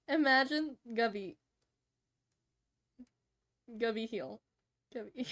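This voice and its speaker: A woman's voice: mid-range voice, animated, normal speed. A young woman with a slightly nasal voice, chatting casually with her live-stream chat while drawing a commission and laughing often.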